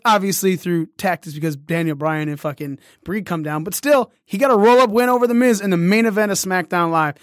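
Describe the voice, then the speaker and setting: A man hosting a casual wrestling recap. He swears often, acts out the lines he quotes and gets excited as he talks. His voice sits a little high and sounds close and dry, with no room echo. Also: brisk. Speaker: wrestling podcast host.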